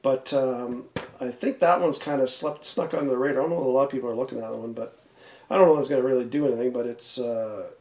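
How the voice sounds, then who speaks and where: Chatty, slightly hoarse man in an echoey room. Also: mid-range voice, steady tone, quick pace, darkish tone. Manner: rambling, chatty, laughs often. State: slightly hoarse, losing his voice. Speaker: comic book video host. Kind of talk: casual chat.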